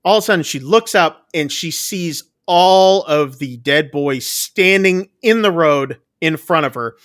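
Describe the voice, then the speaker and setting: A man with a bright, forceful voice, chatting casually as he rambles through a plot recap. He talks loosely with plenty of fillers and throws in quick jokes. His voice sits a little high and sounds dry and close. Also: expressive, dry recording. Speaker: podcast co-host reviewing a film.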